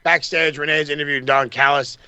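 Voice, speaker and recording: A man co-hosting a podcast, recapping wrestling in a casual, animated and profane way, acting out the wrestlers' lines. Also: on the high side, a little fast, clear, resonant tone, no room sound, muffled recording. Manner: animated, swears a lot, acts out wrestlers' lines. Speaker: podcast co-host.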